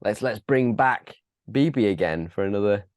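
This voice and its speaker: Lively man in dry close sound. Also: fairly low pitch, moderate pace, no echo. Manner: laughing, reactive asides. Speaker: podcast guest. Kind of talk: casual film review chat.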